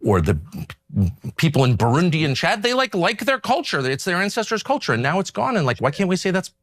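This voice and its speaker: A man's voice: high-pitched, very animated, brisk, a bit bright. A man in an interview, arguing provocatively in a wry tone.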